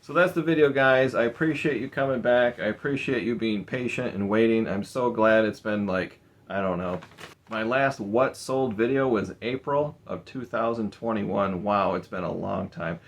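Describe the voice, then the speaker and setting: A man from the Midwest talks in a loose, rambling vlog style, full of fillers. He sounds tired and sweaty after work in an insulated garage, and his voice sits a little low. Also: normal speed. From American Midwest. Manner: relaxed, rambling, chatty with fillers. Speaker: eBay reseller vlogger. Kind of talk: casual vlog talk.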